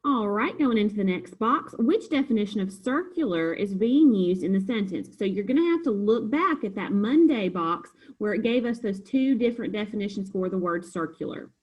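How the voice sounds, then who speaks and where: Patient teacher, female, slightly husky, explains homework answers one by one. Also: mid-range voice, animated, moderate pace, hardly any pauses, a little mellow, poor audio. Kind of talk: recorded homework review lesson.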